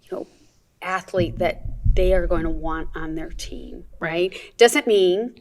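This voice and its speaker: A podcast guest, a woman in her forties, talks parents through good sports habits. Her voice sits somewhat low for a woman, and her sentences tend to fade softly as she finishes them. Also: takes it slowly. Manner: earnest advice-giving, drops softly at phrase ends. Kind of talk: podcast conversation.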